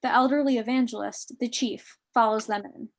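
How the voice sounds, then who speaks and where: Woman narrator, stage directions, slightly high voice, clear, steady, live online script reading. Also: a little fast.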